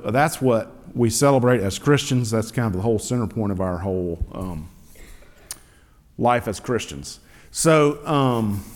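Guy preaching, chatty sermon, lots of um and rhetorical questions, long hall echo. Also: fairly low pitch. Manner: conversational, asks rhetorical questions, frequent fillers. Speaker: pastor.

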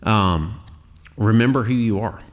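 Low-voiced man preaching a casual sermon. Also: unhurried. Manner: conversational, with fillers and laughs. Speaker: pastor.

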